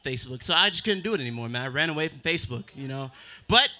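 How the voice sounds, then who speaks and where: A man's voice: fairly high pitch, expressive, fast, sharp tone. A man in his twenties doing a self-deprecating stand-up comedy set, with drawling asides. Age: 20s. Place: open mic stage at a bar.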